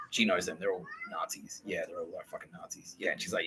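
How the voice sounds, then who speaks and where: A man's voice: low-pitched, fast, music in the background, rough recording. An Australian man telling a comedy story on a podcast, swearing freely and acting out the voices of the people in it. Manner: profane, animated, acts out quoted voices. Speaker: podcast host.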